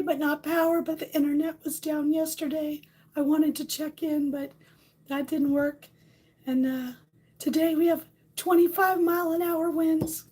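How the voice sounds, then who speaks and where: A woman hosting a casual morning live stream, hoarse and losing her voice from a cold, chatting and laughing at how she sounds while greeting viewers by name. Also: very high-pitched, warm tone. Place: home on a windy ridge.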